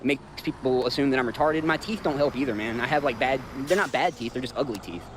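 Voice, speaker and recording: A man in his thirties with a Southern US accent hosts a livestream, ranting bluntly and profanely straight to his chat. His medium-pitched voice moves fast and rambles, with a noisy background behind him.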